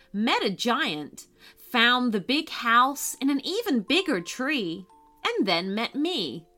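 Slow, bright woman storyteller. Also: on the high side. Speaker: storyteller and podcast host. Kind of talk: bedtime story narration.

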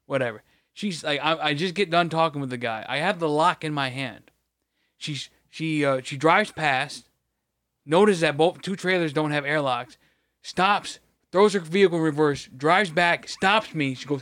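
Man, slightly high voice, rambling profane storytelling, dry sound. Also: normal speed, fairly bright tone, dry recording. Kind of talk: casual chat.

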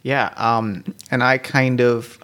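A man's voice: medium pitch, little pitch movement, slow pace, a bit bright. Jokey man narrating a role-play game. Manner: jokey, laughs often, narrates his character's actions. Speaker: co-host and player.

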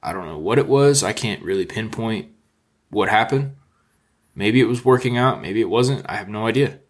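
A man's voice: fairly low pitch, normal speed. A man on a casual podcast, talking in a loose, rambling way with filler phrases and casual swearing. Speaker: podcast co-host.

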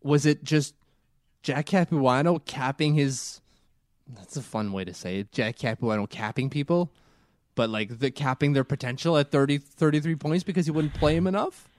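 A man's voice: medium pitch, normal speed, darkish tone, dry recording, studio quality. A man from Canada co-hosting a casual sports podcast, ranting emphatically. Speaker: podcast co-host. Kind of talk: casual hockey podcast chat.

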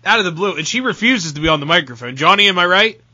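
Animated storytelling podcast host, a man. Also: high-pitched, fast talker, dry recording, highs cut off. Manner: animated storyteller, stammers when excited. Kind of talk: casual banter.

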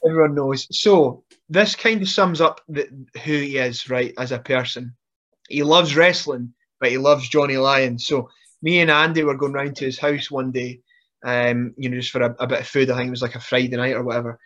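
A man's voice: medium pitch, normal speed, lo-fi sound. A man who is a guest on a podcast, telling funny stories casually and laughing as he talks. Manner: animated, laughs through stories, frequent restarts. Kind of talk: casual storytelling.

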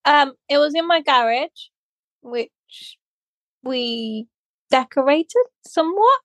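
A woman's voice: high voice, expressive, slow pace, dry recording. A young woman co-hosting a casual chat show, rambling through stories with frequent laughs. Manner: chatty, laughs often, rambling asides. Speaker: podcast co-host.

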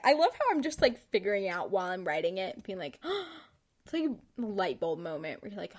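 A woman's voice: mid-range voice, big pitch swings, brisk. A young woman hosting a podcast, reading her old journal aloud in casual chat, sarcastic and giggly, swearing freely. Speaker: podcast host.

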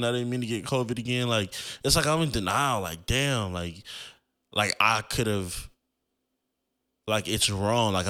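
A young man in his twenties tells a personal story on his podcast, in a casual, heartfelt way with "like" in almost every sentence. His voice is fairly low and smooth, and it comes through clearly. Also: a bit bright. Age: 20s. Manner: casual, emotional, heavy use of "like". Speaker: podcast host.

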